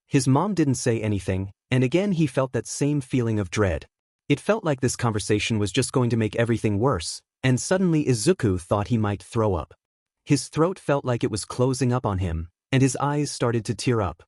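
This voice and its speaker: A man narrating a fan fiction story, steady and expressive. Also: mid-range voice, normal speed, dry recording, studio quality. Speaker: fanfic narrator. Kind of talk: story reading.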